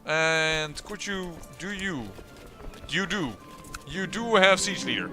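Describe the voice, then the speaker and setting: Bright-voiced man commenting on a game. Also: a little high, animated, slow, soft background music. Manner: thinks aloud, trails off and restarts sentences. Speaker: let's-play host.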